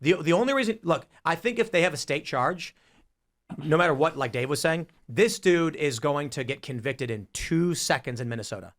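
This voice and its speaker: A man hosting a podcast, arguing heatedly in a debate, insistent and quick to interrupt. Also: fairly high pitch, lively intonation, a bit bright. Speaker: podcast host.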